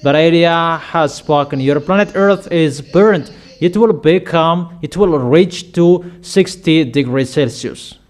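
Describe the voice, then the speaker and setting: Slow, emphatic male preacher. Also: a little high. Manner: emphatic, declaiming, repeating commands. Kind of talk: sermon.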